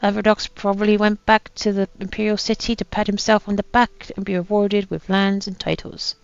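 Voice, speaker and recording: A woman voicing a bitter, dying old male pirate captain in a put-on pirate accent, reading his last words slowly. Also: medium pitch, little pitch movement, no room sound, close to an everyday voice. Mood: bitter, weary. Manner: slow gravelly pirate accent, grim. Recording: dull lo-fi sound with faint ambience.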